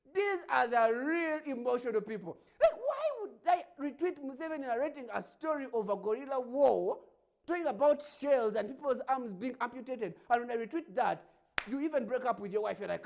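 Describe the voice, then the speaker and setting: Animated, gravelly-voiced Ugandan man. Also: high-pitched. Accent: Ugandan English. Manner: animated, laughing, mocking. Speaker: show host. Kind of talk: casual comedic monologue.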